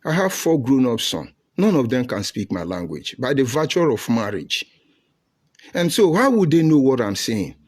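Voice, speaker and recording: A man's voice: medium pitch, very animated, moderate pace, darkish tone. A middle-aged man with a Nigerian accent giving combative live-stream commentary, reading and answering viewer comments with rhetorical questions and insults.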